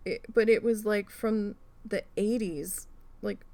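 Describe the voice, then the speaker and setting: A woman hosting a craft livestream, casually telling a story with animated swearing while she works. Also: mid-range voice, slow pace. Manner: animated, profane, acts out quoted people.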